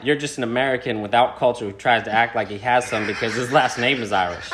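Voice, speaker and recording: A man doing an impression of a sneering young man, loudly reading out a mocking message. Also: mid-range voice, fast talker, very noisy, lightly acted.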